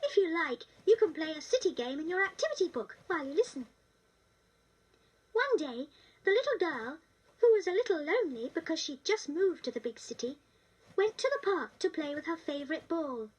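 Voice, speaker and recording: Brief: cheerful British little-girl doll, sing-song storybook narrator, squeaky-high. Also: big pitch swings, normal speed, distant mic, rough recording. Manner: sing-song, sweet and coaxing.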